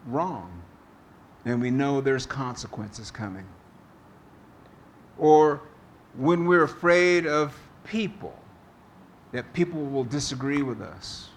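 A man preaching a sermon as pastor, slow and deliberate, telling a story to make his point. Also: fairly high pitch, a little hiss or hum.

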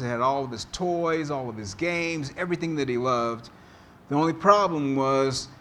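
A man preaching a sermon as pastor, slow and deliberate, telling a story to make his point. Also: medium pitch, a bit bright, a little hiss or hum.

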